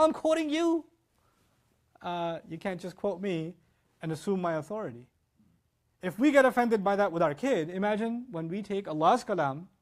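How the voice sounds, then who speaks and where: A middle-aged man giving an animated religious lecture, acting out quoted exchanges as he goes. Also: sits high. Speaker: Islamic lecturer.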